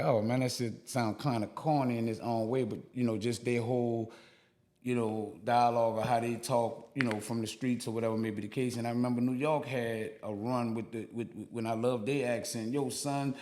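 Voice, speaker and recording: A man's voice: medium pitch, steady tone, normal speed, a little mellow. A man with a New Orleans accent, co-hosting a podcast and musing in casual chat, full of fillers and restarts. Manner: reflective, rambling with many fillers. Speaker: podcast co-host.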